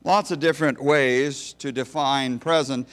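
A man's voice: mid-range voice, fairly even intonation, unhurried. A man preaching a sermon to a congregation in a folksy, storytelling manner. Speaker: pastor.

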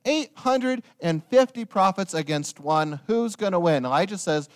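A man preaching a sermon, retelling a story with lively storytelling and joking asides to his listeners. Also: sits high, moderate pace, few pauses.

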